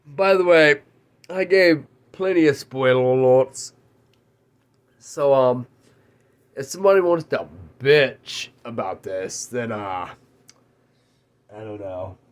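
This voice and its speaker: A man ranting casually about a favorite film, his voice swooping up and down with a lot of life in it. He takes his time, drawing out words rather than rushing, and swears freely along the way. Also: mid-range voice, clear, resonant tone. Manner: excitable, swears freely, laughs mid-sentence. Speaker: movie reviewer. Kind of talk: casual spoiler-filled movie rant.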